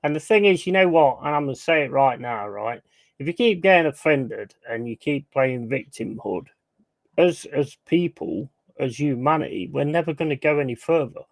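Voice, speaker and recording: A man's voice: medium pitch, expressive, moderate pace, creaky, no echo, low-quality recording. Man, host, casual chat, blunt, opinionated, swears a lot, dry close sound. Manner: reads out viewer chat. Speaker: watch-along host.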